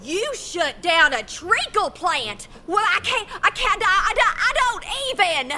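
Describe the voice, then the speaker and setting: Villainous candy matriarch: shrill, bright, domineering, game cutscene. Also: female voice, very animated, a little slow, soft background music, exaggerated voice. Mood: ranting. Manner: sugary then snapping, domineering. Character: bossy villainous grandmotherly candy tycoon, woman.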